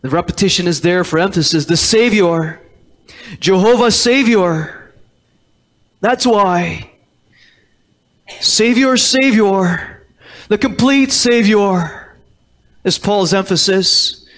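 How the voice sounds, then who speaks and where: This man's voice sits high and sounds a little bright, expressive and slightly slow as he preaches from the church sanctuary. Speaking as pastor, he hammers key words through repetition and recites scripture in King James phrasing.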